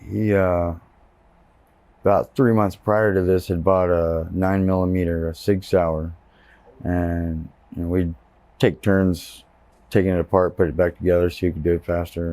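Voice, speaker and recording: Interviewee: low-pitched Texan man, candid first-person account, dry close sound. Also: steady tone, normal speed, mellow, no room sound. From Texas. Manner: candid, plain-spoken storytelling. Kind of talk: personal testimony.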